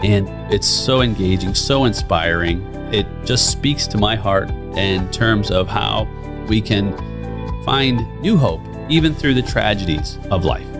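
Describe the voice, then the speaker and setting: A man with a low, gravelly voice opens a podcast episode in an earnest and encouraging tone. Guitar music plays clearly underneath him. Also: lively intonation, a little slow. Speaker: podcast host.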